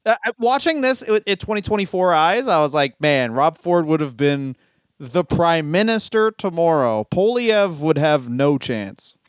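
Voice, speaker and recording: Smooth-voiced joking man co-hosting. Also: fairly high pitch, sing-song, normal speed, no room sound, studio quality. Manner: profane, joking, laughs often. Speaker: comedy podcast co-host. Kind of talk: casual comedic chat.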